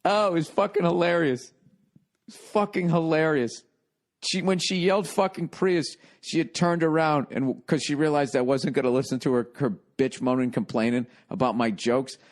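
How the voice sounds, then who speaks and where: Man in his 40s, podcast host, casual comedic monologue, profane, rambling, animated. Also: a little high, normal speed. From United States.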